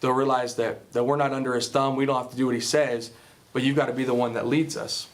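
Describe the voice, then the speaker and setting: A man's voice: mid-range voice, flat delivery, quick pace, natural voice. A man voicing male dockworker friends who earnestly plead with their leader.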